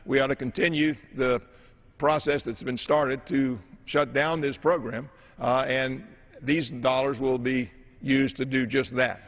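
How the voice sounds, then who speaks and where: A man managing a floor debate as a legislator, speaking in a measured, halting way with many filler pauses. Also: mid-range voice, steady tone. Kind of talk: formal floor debate speech. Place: large legislative chamber. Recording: dull audio in an echoing chamber.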